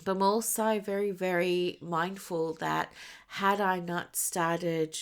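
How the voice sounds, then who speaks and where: A woman with a fairly low, clean voice and fairly even intonation speaks at a slow pace while hosting a solo podcast as a business coach. She chats casually and warmly, with frequent fillers and little laughs, and she has the hiccups.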